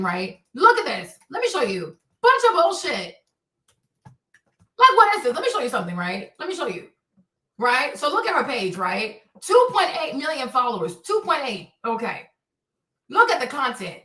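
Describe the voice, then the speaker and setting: A woman's voice: high-pitched, bright, forceful tone, distant mic. A woman hosting a livestream, ranting casually with heavy profanity and exasperation. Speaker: streamer host. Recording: echoey room, voice a bit off-mic.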